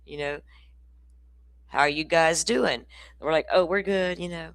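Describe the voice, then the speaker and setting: A woman's voice: deep voice, unhurried, no room sound. A woman from Florida with a Southern accent, hosting a casual true crime stream and chatting with viewers in a loose, storytelling way. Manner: chatty, laughing, storytelling asides. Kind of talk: casual livestream chat.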